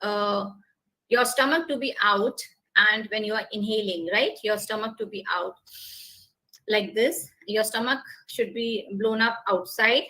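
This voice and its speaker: A woman with an Indian English accent leads a public speaking webinar over a video call, speaking in a bright and fairly high voice. She explains things step by step, repeats her points, and walks listeners through breathing exercises. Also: rough recording. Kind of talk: online workshop talk.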